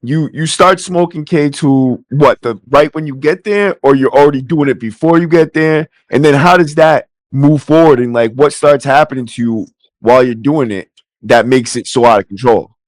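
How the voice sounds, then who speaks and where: A man's voice: medium pitch, moderate pace, dry recording, rough recording. A man hosting a podcast, asking questions in a casual, stumbling way with many restarts. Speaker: podcast host. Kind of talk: casual interview chat.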